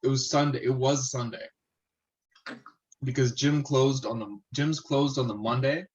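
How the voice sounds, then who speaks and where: A man's voice: mid-range voice, steady tone, unhurried, darkish tone. Male co-host on a lo-fi video call, easygoing and chatty. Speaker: podcast co-host. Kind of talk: casual chat. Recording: dull video call audio.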